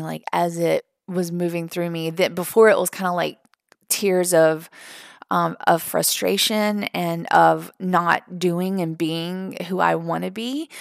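A woman's voice: lowish voice, gravelly, fairly bright tone, no room sound, clean studio sound. A young adult woman hosting a podcast, telling a personal story in an earnest, emotional way with many fillers and restarts. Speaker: podcast host.

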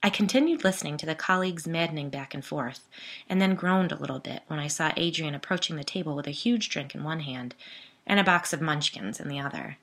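A woman's voice: low voice, expressive, brisk, fairly bright tone. A woman narrating a first-person story in a conversational, wry way.

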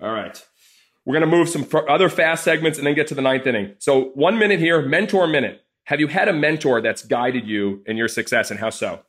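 Rapid-fire male podcast host, upbeat and announcer-like. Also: a little high, animated, fairly bright tone. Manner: upbeat, quick, game-show announcing. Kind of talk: casual interview chat.

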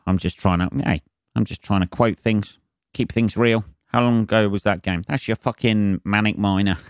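A man's voice: fairly low pitch, steady tone, moderate pace, clear, resonant tone, no room sound, clean studio sound. A man hosting a solo comedy podcast, ranting in a sweary, sarcastic and rambling way. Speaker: podcast host.

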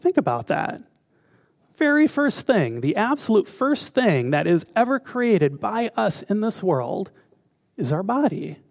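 A minister with a slightly high, gravelly voice gives a relaxed, unhurried spiritual talk. Conversational in manner, he often turns to his listeners with questions, and the sound is dry and close, without room echo.

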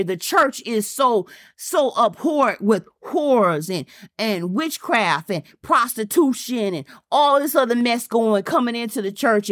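A woman's voice: a little high, a bit bright, no room sound, clean studio sound. A woman preaching a fervent sermon, repeating lines for emphasis and calling out directly to her listeners.

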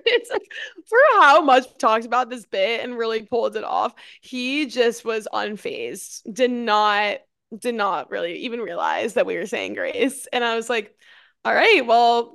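A woman's voice: fairly high pitch, normal speed, creaky, a bit bright, no room sound, studio quality. A woman in her twenties co-hosting a podcast, telling stories in a chatty way and laughing often. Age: 20s. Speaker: podcast co-host. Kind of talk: casual chat.

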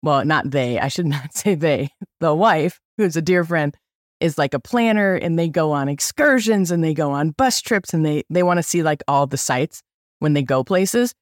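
A woman's voice: deep voice, moderate pace, no room sound, studio quality. Chatty middle-aged woman podcaster, bouncy. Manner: animated, chatty, with lots of likes and okays. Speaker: podcast host. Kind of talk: casual storytelling.

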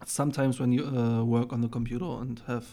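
A man speaks as a guest in a casual interview. His voice is mellow and flat, with little rise and fall. He answers in a relaxed, hesitant way, full of fillers. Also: mid-range voice, a little fast. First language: German. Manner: relaxed, hesitant, many fillers and soft laughs. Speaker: guest, English learner.

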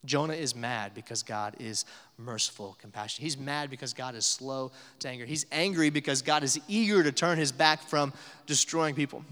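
A man's voice: medium pitch, normal speed, fairly bright tone. Conversational male pastor in a reverberant hall. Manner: conversational, emphatic, rising to intense stress. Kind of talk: sermon.

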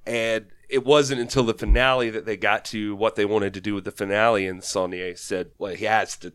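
A man's voice: lowish voice, level tone, normal speed, a bit bright, clear, resonant tone, dry recording, clean studio sound. A man co-hosting a casual film talk in an easygoing, agreeable way. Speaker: podcast co-host.

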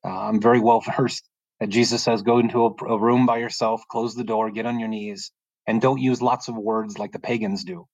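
Calm, halting middle-aged man. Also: lowish voice, no echo, dull audio. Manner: halting and emotional, frequent restarts; calm, soft-spoken. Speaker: podcast guest sharing testimony. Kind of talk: personal testimony, casual storytelling.

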